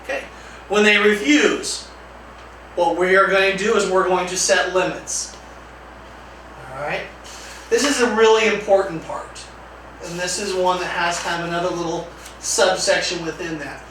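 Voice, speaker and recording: High, bright-voiced male trainer in echoey room. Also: moderate pace, pauses often. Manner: conversational, repeats calm example lines. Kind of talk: training lecture with acted examples. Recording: echoey room from far off, faint noise.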